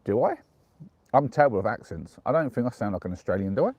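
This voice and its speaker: An English man chatting casually on a live stream from the dark woods at night, giggling as he reads out viewer jokes. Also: lowish voice, lively intonation, fast talker, husky, no room sound, lo-fi sound. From England.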